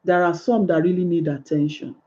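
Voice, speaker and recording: A woman's voice: lowish voice, fairly even intonation, fairly quick, dark tone, lo-fi sound. A woman giving an earnest, pleading monologue, repeating her points and rising to exclamations. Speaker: speaker giving advice. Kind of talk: impassioned monologue.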